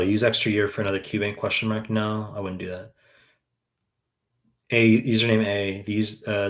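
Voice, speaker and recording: A man in his thirties from New York, a tutor answering viewer questions on a live stream in a blunt, profane way with many fillers. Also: lowish voice. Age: 30s. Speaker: exam prep tutor.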